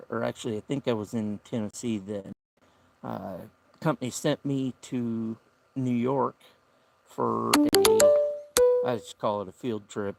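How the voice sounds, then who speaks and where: Outdoors at a campsite by the woods, a man with a Southern US accent hosts a casual camping livestream. He talks in an easygoing, rambling drawl, his medium-pitched voice carrying vocal fry and a darkish tone.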